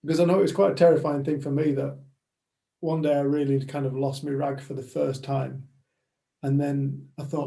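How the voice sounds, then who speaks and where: A man speaks in a casual group chat in a reflective, affirming way. His voice is mellow, with a gravelly fry. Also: a little high, flat delivery, moderate pace. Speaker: community group member.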